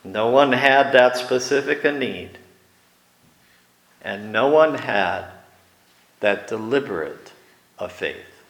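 A man preaching a sermon, slow and deliberate, growing animated when he acts out the scene. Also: mid-range voice, echoey room, poor audio.

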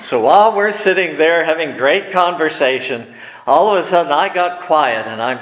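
A man preaching a sermon, telling wry personal stories and slipping into quiet asides, recorded in a church hall. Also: a little high, expressive, normal speed, background noise. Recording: echoey room.

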